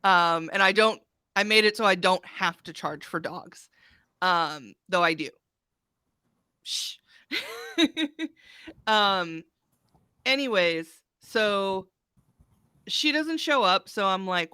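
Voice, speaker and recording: A woman's voice: medium pitch, expressive, takes it slowly, long pauses, pushed and bright, clean tone, no room sound, clean studio sound. A woman co-hosting a podcast livestream, telling a story in a chatty way and laughing often. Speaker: podcast co-host and dog groomer. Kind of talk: casual livestream chat.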